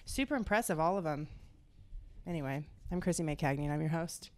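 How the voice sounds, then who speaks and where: A woman's voice: low voice, lively intonation, quick pace, darkish tone. A young woman hosting a podcast in casual chat, brash and joking, swearing freely. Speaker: podcast host.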